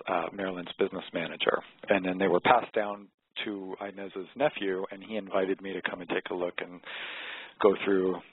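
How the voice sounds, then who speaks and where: A man calling in to a radio interview as a guest collector, answering in a measured, modest way. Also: low-pitched, slightly rough, no room sound. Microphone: telephone. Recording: tinny phone line on radio.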